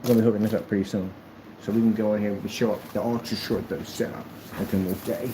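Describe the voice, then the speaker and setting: A man's voice: on the low side, fairly even intonation, very fast, background noise. A man presenting a product in a casual demo video, talking in a playful, exaggerated sales manner.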